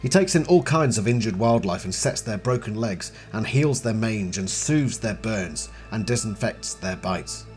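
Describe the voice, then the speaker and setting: A man giving a casual book analysis and reading passages aloud, chatty and expressive. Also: fairly low pitch, moderate pace, hardly any pauses, soft background music. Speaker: book series reviewer.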